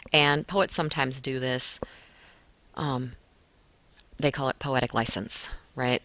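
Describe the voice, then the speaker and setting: A woman teacher talking a class through a poem in a relaxed way, with frequent fillers. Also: extremely low pitch, no echo. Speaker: English teacher. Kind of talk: recorded classroom lesson walkthrough.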